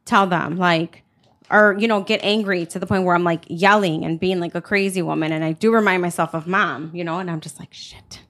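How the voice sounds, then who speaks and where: A middle-aged woman from a Mexican-American family talks loosely on a family podcast. She rambles with plenty of fillers and laughs easily. Her voice sits slightly low for a woman. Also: brisk. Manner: relaxed, filler-heavy, laughing often. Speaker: podcast co-host. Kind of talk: casual chat.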